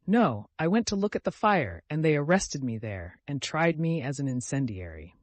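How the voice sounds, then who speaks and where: A man's voice: fairly high pitch, sing-song, moderate pace, no room sound. A man voicing a shaken young nobleman held prisoner, speaking plainly and earnestly.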